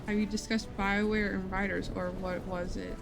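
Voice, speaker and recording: A woman's voice: medium pitch, level tone, moderate pace, creaky, over music. A woman live-streaming a video game, chatting casually, thinking aloud and laughing easily as she plays.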